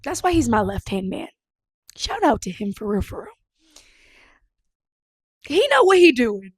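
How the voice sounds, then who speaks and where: A young woman hosting her own podcast in a casual, expressive chat, swearing freely and laughing often. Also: a little high, unhurried, breathy edge, no echo. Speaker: podcast host.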